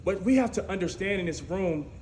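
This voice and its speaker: A man preaching a storytelling sermon in a lively, conversational way, often asking "right?". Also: sits high, brisk. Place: church sanctuary. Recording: echoey church room with faint noise.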